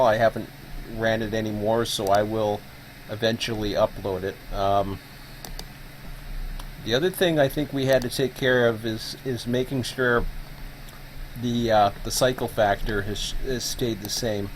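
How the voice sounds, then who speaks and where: A man's voice: lowish voice, fairly even intonation, measured pace, slight background noise, low-quality recording. A man hosting a live stream who explains a setup casually, thinking aloud with plenty of fillers. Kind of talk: casual screen-share explanation.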